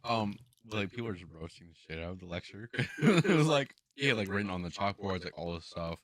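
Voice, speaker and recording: Lively low-voiced young man, quick talker. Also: dry recording. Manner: loose, laughing, lots of "like". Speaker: podcast co-host. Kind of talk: casual chat.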